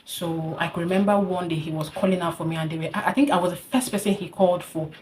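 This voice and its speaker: A young woman with a Nigerian English accent, telling a personal story in an earnest, heartfelt vlog, repeating herself and pausing with fillers. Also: lowish voice, darkish tone, slight background noise. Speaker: vlogger sharing a personal story. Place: hot indoor room.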